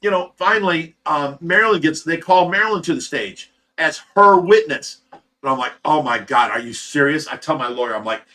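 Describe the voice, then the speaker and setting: A middle-aged Ohio man hosts a casual livestream, speaking expressively and fairly quickly in a rather high voice with a bright, forceful edge. He tells his story candidly and ramblingly, frequently restarting sentences.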